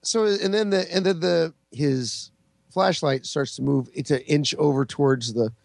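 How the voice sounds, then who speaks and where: A man's voice: on the high side, a little slow, gravelly, dry recording, studio quality. A man in his forties, a podcast co-host, rambling through comic anecdotes with laughs between lines. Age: 40s. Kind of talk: casual comedic storytelling.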